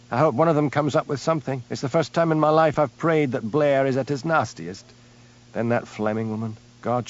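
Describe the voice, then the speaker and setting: A man's voice: mid-range voice, lightly acted. A man reading as a weary stubborn constable. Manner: stubborn, huffy, dry. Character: stubborn weary male Highland police constable. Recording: dull lo-fi audiobook recording.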